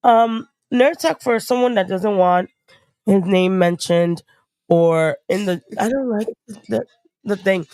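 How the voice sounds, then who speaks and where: A woman's voice: medium pitch, takes it slowly, dry recording. A young woman chatting casually as a stream guest, blunt and profane, still getting over a cold. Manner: blunt, profane, animated storytelling. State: recovering from a cold. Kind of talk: casual chat.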